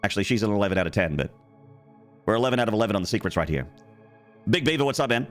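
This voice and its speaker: A young Australian man whose city accent carries a little American. He chats animatedly with viewers while playing, joking and reacting, his fairly low voice swinging widely in pitch. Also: lively intonation, very fast, faint music behind. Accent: Australian, with some American. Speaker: gaming streamer. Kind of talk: casual live-stream chat.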